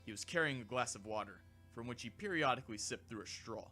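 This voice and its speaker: Guy narrating a fan audiobook, bright clear tone, soft music under it. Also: medium pitch, a little fast. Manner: steady storytelling, even and clear.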